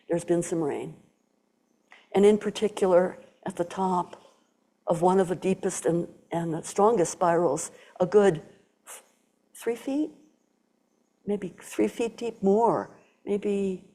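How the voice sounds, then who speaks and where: Older woman telling a story, mellow voice. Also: fairly low pitch. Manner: warm storytelling with quoted voices and whispers. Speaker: Zen teacher giving a talk. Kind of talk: storytelling dharma talk.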